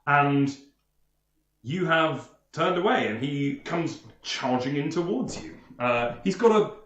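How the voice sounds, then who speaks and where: A man narrating as game master, unhurried, with many fillers and pauses. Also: fairly high pitch, expressive, fairly bright tone, roomy sound, dull audio, a little hiss or hum.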